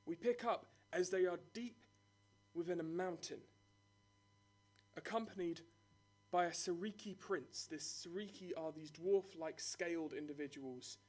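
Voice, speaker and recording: A man with a slightly raised pitch hosts a tabletop game on stage, his voice ringing out as he sets each scene. He narrates with a theatrical, booming flair for a live audience. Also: a little slow, darkish tone. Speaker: game master. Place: live venue before an audience.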